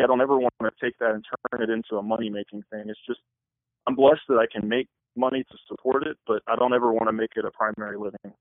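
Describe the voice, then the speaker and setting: A man's voice: mid-range voice, dry recording. A man, a wedding photographer, giving earnest, rambling answers in a casual interview. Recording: dry phone-like line.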